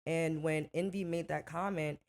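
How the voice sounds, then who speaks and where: A young woman in her twenties talks through her family's ordeal in animated, indignant bursts. Her voice sits a little low for a woman. It is an easygoing podcast chat, but she is fired up. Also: normal speed. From Miami. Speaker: guest, rapper's wife. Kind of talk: casual interview talk.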